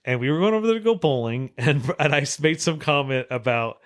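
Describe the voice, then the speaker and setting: Middle-aged guy telling wild stories on a podcast, mid-pitched, laughs a lot, swears. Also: fast. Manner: animated, laughs often, swears freely, acts out quotes. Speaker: podcast guest. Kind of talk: casual storytelling.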